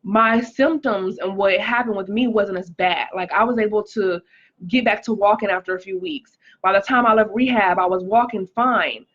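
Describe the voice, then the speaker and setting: A woman talks to her viewers in a relaxed, chatty livestream testimony, her voice sitting in a middle register. She fills her speech with "like" and "um" and stops to greet people by name. The sound is a little dull and lo-fi. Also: medium pitch, normal speed. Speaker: livestream host sharing a testimony. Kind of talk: casual live-stream testimony.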